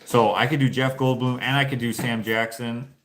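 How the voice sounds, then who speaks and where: A man's voice: medium pitch, steady tone, moderate pace, a little hiss or hum. A man hosting a casual vlog, musing and thinking aloud in a loose, rambling way with many restarts. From Canada. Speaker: painter and channel host. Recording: echoey room.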